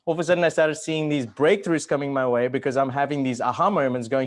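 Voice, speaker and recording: A man's voice: fairly high pitch, fast, few pauses. Man telling a personal story over a video call. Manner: earnest, swears, grows animated and loud when excited. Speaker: summit guest speaker.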